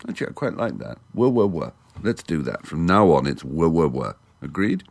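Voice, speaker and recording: A man's voice: very deep voice, sing-song, moderate pace, vocal fry, hardly any pauses. A middle-aged English man hosting a monologue podcast into a studio microphone, wry, theatrical and erudite. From England. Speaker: podcast host.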